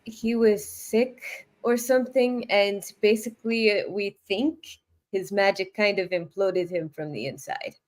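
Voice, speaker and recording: Woman player, medium pitch, plain direct talk, casual tabletop play. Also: a little slow.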